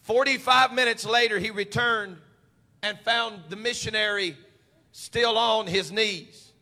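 A man preaching a fervent sermon, building up to shouts. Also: high voice, steady tone, a little slow, in a large hall.

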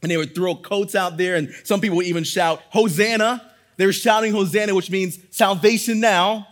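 A man's voice: high voice, steady tone, a little fast. A man preaching a sermon as pastor, leading a prayer and then teaching in an earnest, emphatic way with repeated phrases.

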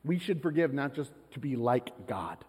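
A man preaching a sermon as pastor, telling a family story in a conversational, animated way. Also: medium pitch, normal speed, breathy edge. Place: church sanctuary. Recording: long church hall reverb.

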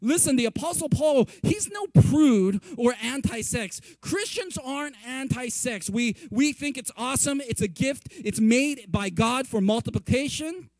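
Male pastor, preaching sermon, high voice, lively and chatty, dry close sound. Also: moderate pace, few pauses, dry recording. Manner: conversational, repeatedly asks "right?"; animated, acts out quoted reactions.

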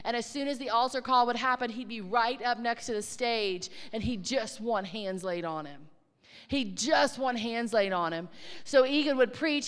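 A woman sharing a ministry testimony in an excitable way, swinging from hushed tones to shouts. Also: high voice, clean tone, long reverb tail. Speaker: ministry speaker. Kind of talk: animated testimony storytelling.

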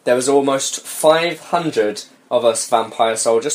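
A man's voice: medium pitch, a little slow. A young man reading a story aloud on a comedy podcast, breaking off for sarcastic, sweary remarks and frequent laughter.

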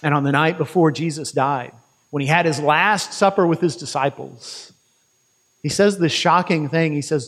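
Brief: male preacher, fairly high voice, vivid storytelling sermon. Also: a bit bright, long reverb tail. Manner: vivid retelling with quick restarts.

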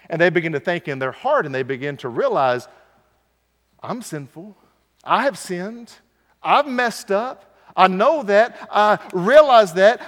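A man preaching a sermon, retelling a Bible story dramatically and voicing the characters' inner thoughts, moving from hushed lines to loud ones. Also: on the high side, in a large hall.

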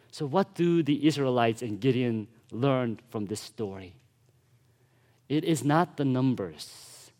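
A man's voice: medium pitch, a little mellow. A male pastor preaching a sermon, retelling a story with casual asides and acted-out voices.

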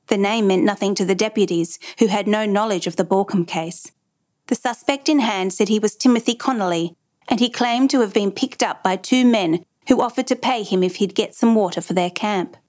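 A woman giving measured, dramatic scripted narration of a true crime story. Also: mid-range voice, a little mellow.

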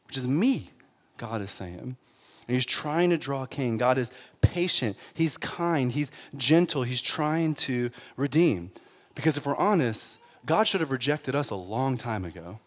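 A man preaching a sermon, animated and laughing often, checking in with the congregation as he goes. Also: fairly high pitch, a little slow. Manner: animated, laughs often, asks the crowd "right?". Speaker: pastor. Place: church sanctuary. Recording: long hall reverb.

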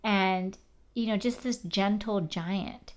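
A woman in casual recap chat, animated, swearing and using many fillers. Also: medium pitch, slow pace.

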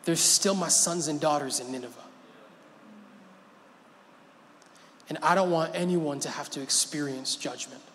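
God as an earnest, raised voice a preacher puts on. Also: male voice, extremely high pitch, sing-song, measured pace, a little hiss or hum, voice pushed up, full character voice. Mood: tender. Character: God, patient male deity reasoning with a sulking prophet. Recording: long hall reverb.

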